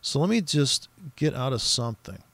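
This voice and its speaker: A man's voice: mid-range voice, big pitch swings, normal speed, fairly bright tone, dry recording. A man giving rambling, profane, casual commentary while trading, often mimicking other traders. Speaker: forex trader streaming his trading.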